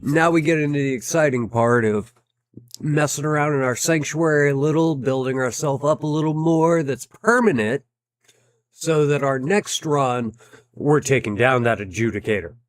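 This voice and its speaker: A man's voice: mid-range voice, normal speed, no room sound, clean studio sound. A man casually commentating his own gameplay, thinking aloud with plenty of fillers and restarts. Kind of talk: casual let's-play commentary.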